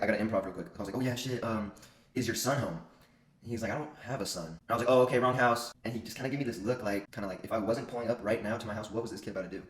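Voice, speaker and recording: In an echoey room, a young man with a medium-pitched voice tells funny stories about his childhood. His casual monologue is fast, profane and full of jokes.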